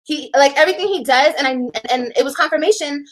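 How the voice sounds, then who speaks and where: Higher-voiced woman ranting on a livestream, lots of swearing, repeats stuff for emphasis. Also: quick pace. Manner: animated, profane, repeats herself for emphasis. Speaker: livestreamer telling her side of a breakup. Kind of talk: casual livestream storytelling.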